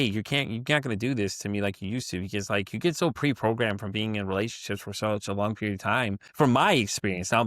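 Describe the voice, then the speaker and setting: A man's voice: on the low side, fairly bright tone, no echo, clean studio sound. A man hosting a podcast, telling personal stories in a chatty, rambling way. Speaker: podcast host. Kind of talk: casual interview chat.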